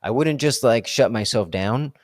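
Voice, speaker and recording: A man's voice: mid-range voice, normal speed, dry recording, clean studio sound. A man talking through his thoughts in a candid solo vlog, rambling and self-questioning, leaning on "like" and "right?". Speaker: vlogger. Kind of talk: reflective solo monologue.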